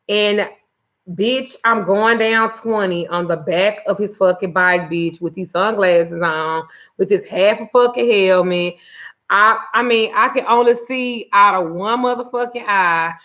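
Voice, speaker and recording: A woman in a casual livestream chat tells a story, cursing constantly and sounding exasperated. Her voice is mid-pitched and animated, and she breaks off to thank viewers by name. The audio is a little dull and muffled. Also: unhurried. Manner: reads viewer names aloud. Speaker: spiritual reader and root worker.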